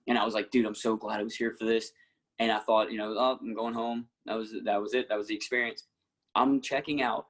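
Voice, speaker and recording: A man with a husky, slightly rough voice spins a long, animated story as a guest. He acts out the lines of the people he quotes and breaks into laughter often. His tone stays relaxed and conversational. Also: on the low side, low-quality recording. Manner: animated anecdotes, acting out quotes, frequent laughs. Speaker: actor and musician, guest. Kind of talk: casual storytelling.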